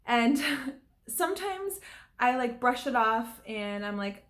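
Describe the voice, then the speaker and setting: Earnest young woman, higher voice. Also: big pitch swings, slow, a bit bright. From California. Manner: earnest and worked up, laughing often. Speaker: actress and acting vlogger. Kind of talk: casual vlog talk to camera.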